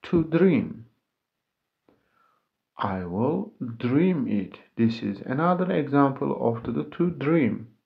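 Slow man drilling vocabulary. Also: mid-range voice, animated, gravelly, lo-fi sound. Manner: repeats each word and example sentence. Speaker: English teacher.

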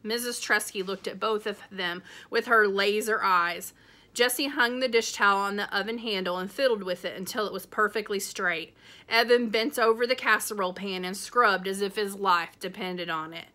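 A woman teacher reading a chapter book aloud with expressive storytelling. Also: mid-range voice, normal speed.

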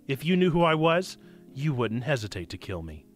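A man reading the lines of a fierce, taunting young girl fighter from his childhood story, in his own lively voice. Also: medium pitch, moderate pace, soft background music, pitched below the performer's own voice, lightly acted. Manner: playfully reading dialogue.

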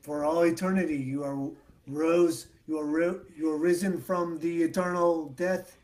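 A man doing a drunk old tavern keeper who speaks in a gloomy, ominous drawl. His put-on accent wobbles and drifts from one style to another. He lowers his voice a touch to tell the grim tale. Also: steady tone, measured pace, darkish tone, natural voice, low-quality recording.

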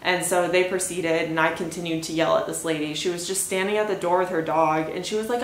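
A woman's voice: lowish voice, fairly even intonation, a little fast, hardly any pauses. A young woman hosting a podcast, telling a story in a casual rambling way, full of "like" and "anyway". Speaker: podcast host. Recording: echoey room with faint hiss.

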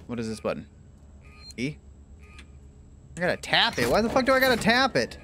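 A man commentating his gameplay, joking, swearing and yelling in bursts, then muttering low. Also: wildly swooping pitch, normal speed, slight background noise. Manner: loud, profane, jokey, swings between shouting and mutters. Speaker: gaming streamer. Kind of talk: let's play commentary.

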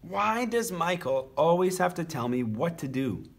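A man voicing a grumpy, impulsive little boy in a storybook read-aloud, talking loud, pouty and quick. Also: on the high side, big pitch swings, slightly rough, pitched above the performer's own voice, full character voice.

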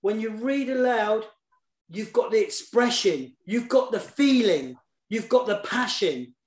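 Speaking from an echoey room, this children's poet and author has a high-sitting voice with lively intonation and a measured pace. He's warm and eager in a casual online session, repeating words as he hunts for the right ones.

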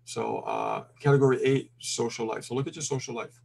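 A middle-aged man giving casual life advice, calm and full of "you know" and "okay" check-ins. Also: mid-range voice, brisk, gravelly, slightly rough. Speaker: co-host.

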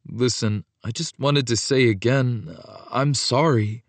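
A man's voice: medium pitch, unhurried, dry recording, close to an everyday voice. A man reading an audiobook, voicing an ashamed, worried young man in a subdued, hesitant tone.

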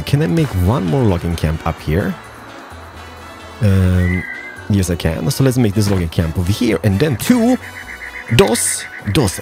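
A man chatting casually as he plays, rambling and joking, with a voice that jumps up and down in pitch. He keeps slipping in playful mock Spanish phrases. Faint music plays behind him. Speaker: gaming channel host. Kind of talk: casual gameplay commentary.

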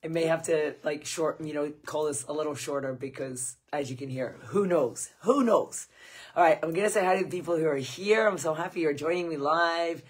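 Woman, losing her voice, husky and croaky, chatty livestream host who greets viewers by name. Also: deep voice, brisk, hardly any pauses. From Scotland. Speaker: screenwriting coach hosting a livestream Q&A. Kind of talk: casual livestream chat.

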